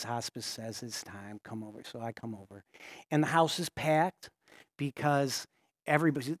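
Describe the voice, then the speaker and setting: A male pastor telling a story in a sermon in a conversational way, stopping and restarting his sentences and often dropping to a hushed voice. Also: fairly high pitch, no room sound, studio quality.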